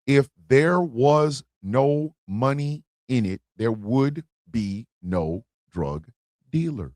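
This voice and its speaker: An American man hosts a livestream, delivering a blunt political monologue full of emphatic repetition and swearing. His medium-pitched voice is expressive and darkish in tone, and he speaks at a slow pace.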